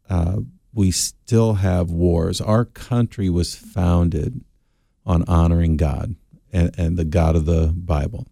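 A middle-aged man answering Bible questions as a radio guest, earnest and halting with fillers. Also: low voice, creaky, dark tone, no room sound, studio quality.

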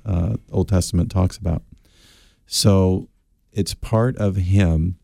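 A middle-aged man answering Bible questions as a radio guest, earnest and halting with fillers. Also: sits low, gravelly, mellow, no room sound, clean studio sound.

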